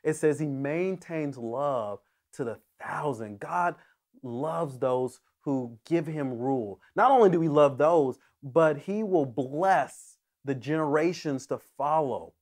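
Earnest pastor, man, slightly high voice. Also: slow pace, a little mellow. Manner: earnest, emphatic, with frequent restarts and repetitions. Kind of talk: sermon.

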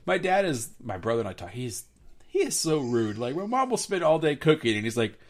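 A man's voice: medium pitch, brisk. A young man hosting a podcast, chatting casually and laughing often as he tells family stories. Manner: laughs often, lively storytelling. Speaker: podcast host.

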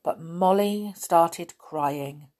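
A woman reading a children's story aloud in an expressive, unhurried way. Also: fairly low pitch.

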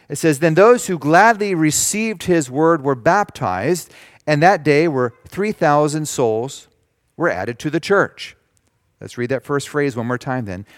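A man preaching a sermon, reading scripture slowly with emphasis and explaining it in simple terms. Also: medium pitch, dry recording, studio quality. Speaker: pastor.

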